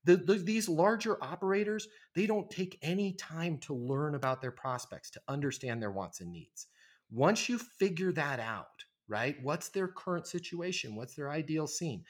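A man's voice: a little high, expressive, normal speed. Man in his forties, sales-trainer guest on a podcast, emphatic and persuasive, keeps checking in with "right?". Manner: emphatic, persuasive, frequent "right?" tag questions. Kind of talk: conversational podcast interview.

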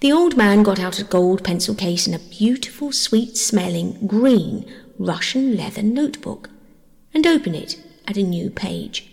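Female narrator, gentle bedtime reading; gravelly texture, reverberant hall. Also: medium pitch, lively intonation, measured pace. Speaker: audiobook narrator.

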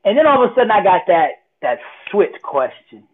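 Motivational speaker, male, husky, storytelling, phone-quality audio. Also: high voice, brisk. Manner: animated storyteller, repeats words, acts out quotes loudly. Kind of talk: casual storytelling conversation. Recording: tinny phone-like line.

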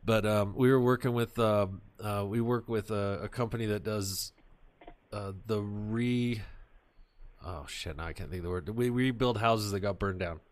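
A man hosting a podcast, chatting casually and telling animated, profane stories. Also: on the low side, moderate pace. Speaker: podcast host. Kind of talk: casual chat.

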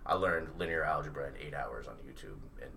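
A man co-hosting a casual podcast chat, animated and profane, often laughing. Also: rumbling low, fast talker, vocal fry, a little hiss or hum. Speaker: podcast co-host. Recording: distant mic with faint ambience.

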